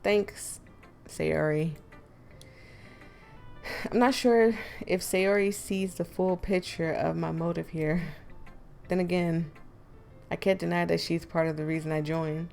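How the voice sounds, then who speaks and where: A woman's voice: fairly low pitch, fairly even intonation, unhurried, vocal fry, pauses often, darkish tone, faint music behind. A woman narrating a visual novel playthrough with wry, teasing asides. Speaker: gaming YouTuber.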